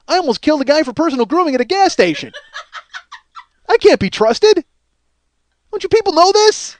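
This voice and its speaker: Man, forties, podcast host, high-pitched, animated comedic storytelling. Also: fairly quick. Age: 40s. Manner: animated, swearing, laughing at his own story.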